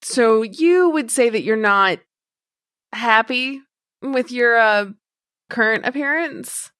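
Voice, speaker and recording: A woman playing a tabletop role-playing game, unhurried and sardonic. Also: a little high, fairly bright tone, clean tone, no echo, clean studio sound. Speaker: player. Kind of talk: tabletop role-play, in and out of character.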